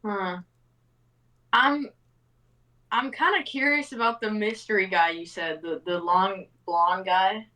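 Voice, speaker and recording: A woman's voice: mid-range voice, fairly even intonation, slow pace, pauses often, pushed and bright, low-quality recording. A woman playing in a tabletop game, chatting casually and hesitantly. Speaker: player.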